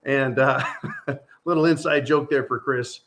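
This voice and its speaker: A man's voice: medium pitch, fairly even intonation, a little slow, a bit bright, a little hiss or hum. A man hosting his own channel, talking through a casual, rambling monologue in an exasperated, sarcastic way. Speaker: channel host.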